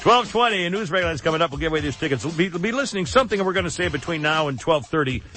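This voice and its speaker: A man's voice: fairly high pitch, animated, rapid-fire, pushed and bright, soft background music. A man hosting a radio talk show in a casual chat style, rambling and self-mocking, on a studio microphone.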